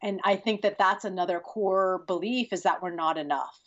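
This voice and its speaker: A woman in her forties answers interview questions in an animated, breathy manner. Her voice sits at a middle pitch, and she laughs easily. The recording sounds a little dull and lo-fi. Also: normal speed. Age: 40s. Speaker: guest sex educator.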